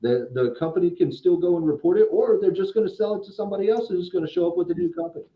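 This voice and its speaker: A man's voice: high voice, racing, roomy sound, lo-fi sound. A man in casual podcast chat, a credit repair specialist explaining things at length, often restarting and repeating words.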